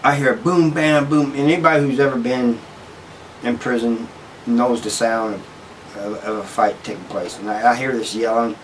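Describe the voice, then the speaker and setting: Male host, mid-pitched, loose rambling storyteller, recorded a bit off-mic. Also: steady tone, normal speed, far from the mic, slight background noise, poor audio. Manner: rambling, with frequent restarts and "you know" asides. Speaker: channel host telling prison stories. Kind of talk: casual storytelling to camera.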